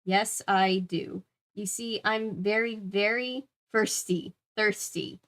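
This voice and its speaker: A woman reading aloud voices a tipsy teenage girl who talks slowly and slurs her words. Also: mid-range voice, lightly acted. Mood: slurring. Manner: slow, drawn-out slurred speech.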